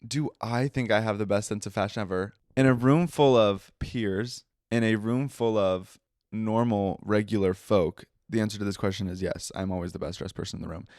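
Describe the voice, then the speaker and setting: A man's voice: lowish voice, normal speed, dry recording, clean studio sound. A young man hosting a podcast in casual chat, talking with a nasal tone and leaning hard on his words to show how he feels. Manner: emphatic, expressive, with lots of laughing asides. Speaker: podcast host.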